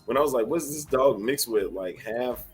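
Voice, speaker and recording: Man, animated co-host, lively swooping delivery, faint music behind. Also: mid-range voice, moderate pace. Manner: animated storytelling with voices. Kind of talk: casual live-stream chat.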